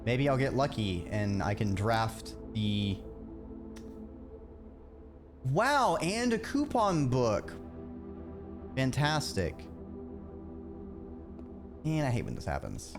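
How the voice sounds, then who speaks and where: Slow-talking male streamer over game music. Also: medium pitch, sing-song. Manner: chatty, reacts aloud with sudden exasperated outbursts. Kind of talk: live gameplay commentary.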